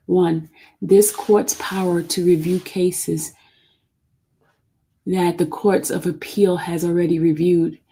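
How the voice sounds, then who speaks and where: A channel host reads a court document aloud on a live stream, stumbling over the legal terms and chatting informally between passages. Her voice is low-leaning, gravelly, warm, and a bit rough.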